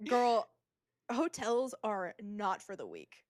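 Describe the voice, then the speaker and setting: A woman's voice: medium pitch, huge pitch swings, slow, no room sound. Sarcastic young woman, dry close sound. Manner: sarcastic, slang-heavy, laughing. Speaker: podcast co-host. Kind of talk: casual chat.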